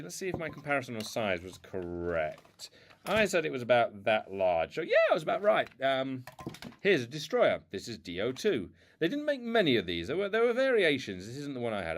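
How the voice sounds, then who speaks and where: A man casually rambling through an unboxing of old toy cars at home, self-mocking and playful. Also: mid-range voice. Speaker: toy car collector unboxing. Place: indoors at home.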